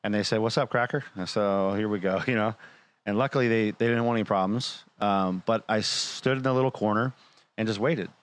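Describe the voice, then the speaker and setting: Low-pitched man, casual storyteller, acts out the dialogue, talk-show guest. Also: fairly quick, clear, resonant tone. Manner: animated, quotes others in dialogue.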